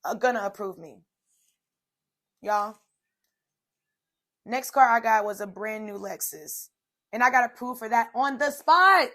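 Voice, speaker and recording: Chatty woman, slightly high voice. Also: unhurried, long pauses. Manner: chatty, animated storytelling with many fillers. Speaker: podcast host. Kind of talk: casual solo podcast talk.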